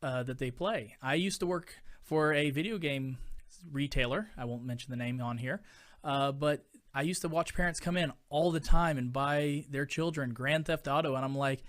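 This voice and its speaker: A man's voice: fairly high pitch, normal speed, fairly bright tone. A man in his thirties, a podcast host, ranting casually in an emphatic, exasperated way, with many fillers. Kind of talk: casual opinion rant.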